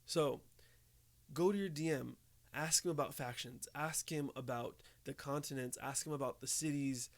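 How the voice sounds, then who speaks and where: A man's voice: medium pitch, normal speed. A young man giving casual tips to camera, talking conversationally and often checking in with "okay?" and "right?". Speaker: tabletop game tips host.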